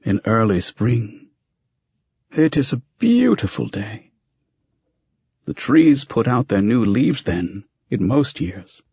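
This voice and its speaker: A man voicing a very old, towering male master librarian who speaks slowly and gravely in a storybook reading. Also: medium pitch, sing-song, mellow, no room sound, pitched above the performer's own voice, heavily acted. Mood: solemn. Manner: slow, grave, intoning. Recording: dry, slightly muffled recording.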